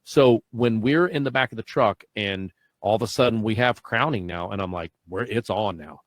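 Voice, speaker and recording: A man's voice: lowish voice, normal speed, no echo. Guy in his 40s hosting a podcast, acts out the dialogue in his stories, laughs a lot, dry sound. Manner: animated storyteller, acts out dialogue, laughs often. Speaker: podcast host. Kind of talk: casual podcast conversation.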